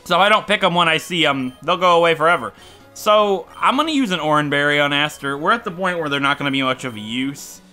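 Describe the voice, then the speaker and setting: A man's voice: a little high, expressive, fast talker, bright, forceful tone. A young man from Ohio giving casual, jokey commentary as he plays a video game and talks to his viewers. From Ohio, USA. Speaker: let's play gamer. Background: faint game music.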